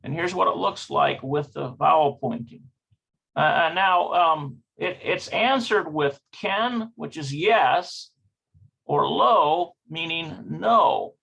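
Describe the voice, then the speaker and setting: A Hebrew teacher leads an unhurried online language lesson, hesitating and checking each pronunciation as he goes. His voice is a little high and bright with a gravelly fry, and the sound is lo-fi.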